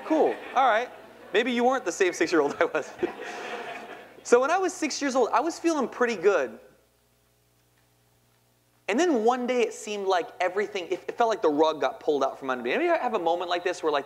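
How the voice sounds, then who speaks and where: A man in his thirties giving a playful storytelling talk as a poet, often quizzing his audience. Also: fairly high pitch. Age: 30s. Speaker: poet and speaker. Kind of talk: spoken-word storytelling talk.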